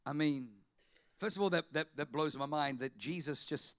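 A man preaching a fervent sermon as pastor, swinging between shouted declarations and quiet asides. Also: on the high side, animated, a little slow.

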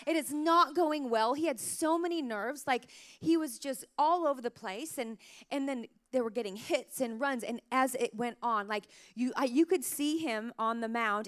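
A woman in her thirties, a mother telling emotional family stories in a casual, animated way, full of "like" fillers, her throat a little sore. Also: high voice, moderate pace. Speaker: mother sharing parenting stories. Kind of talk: casual storytelling to camera.

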